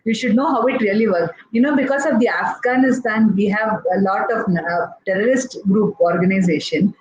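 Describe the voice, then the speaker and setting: A woman's voice: medium pitch, normal speed, a little mellow. An Indian woman pediatrician explains things step by step in a live online talk, her speech full of fillers and restarts. Her voice sits in a middle range for a woman. The recording is echoey and dull, with faint noise behind her. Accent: Indian English. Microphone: live online session.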